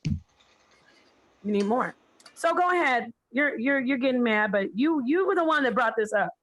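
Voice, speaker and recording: A man's voice: very high voice, expressive, a little fast, fairly bright tone, poor audio. A man in a heated online debate, rambling and searching for words as he makes his point.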